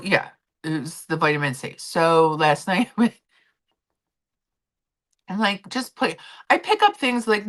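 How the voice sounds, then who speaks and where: Lady streamer, low voice but real animated, just chatting and telling stories to her chat. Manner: chatty storytelling, reading chat aloud. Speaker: live stream host. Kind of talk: casual chat with chat readers.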